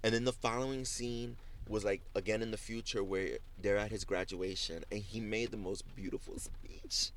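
A man hosting a casual talk show, recapping TV scenes as an animated storyteller who acts out the quotes and leans on "like". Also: fairly low pitch, normal speed, hardly any pauses, background noise. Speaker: show host.

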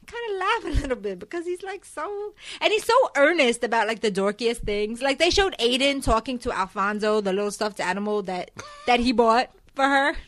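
A woman's voice: a little high, a little fast, no echo. Chatty woman recapping soaps, dry sound. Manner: chatty, animated, full of fillers and laughs. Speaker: soap opera recap host. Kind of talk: casual chat.

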